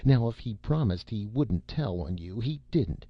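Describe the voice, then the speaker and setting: A man voicing a firm, patient businessman father who questions his son in measured tones. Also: lowish voice, animated, no room sound, lo-fi sound, pitched above the performer's own voice. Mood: stern.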